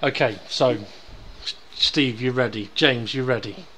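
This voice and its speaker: A man's voice: mid-range voice, measured pace, sharp tone, a little hiss or hum. A man hosting a casual comedy podcast, setting up sketches and teasing his co-hosts. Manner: directing, teasing. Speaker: podcast host.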